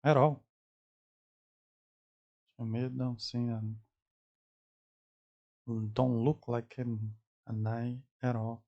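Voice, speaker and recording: A man speaking English as a second language, halting and searching for words, repeating words to practice saying them as he reacts to an anime. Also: mid-range voice, flat delivery, warm tone, muffled recording. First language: not English. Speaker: anime reaction channel host. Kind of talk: casual theory-crafting reaction.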